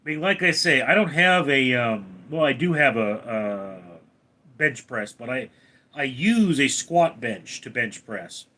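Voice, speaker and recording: A man's voice: medium pitch, lively intonation, slow, pushed and bright. A man hosting a casual live stream, reading out viewer names and comments and answering them briefly. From Los Angeles, California. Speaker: livestream host reading chat.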